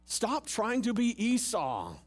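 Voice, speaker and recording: A man's voice: extremely high pitch, wildly swooping pitch, slow, soft background music. A male pastor giving a sermon at a church service, talking casually with jokes and rhetorical questions to the congregation. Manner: conversational, humorous preaching with rhetorical questions.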